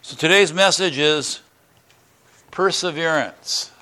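A middle-aged man preaching a sermon in church, earnest and emphatic, repeating words and rising in pitch on key lines. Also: takes it slowly, pushed and bright. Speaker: pastor. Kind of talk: sermon and prayer.

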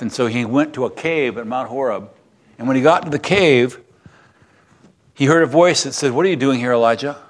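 A male pastor preaching a sermon, telling Bible stories with lively acted-out lines and closing in earnest prayer. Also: mid-range voice. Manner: animated storytelling, acting out voices, then quiet earnest prayer.

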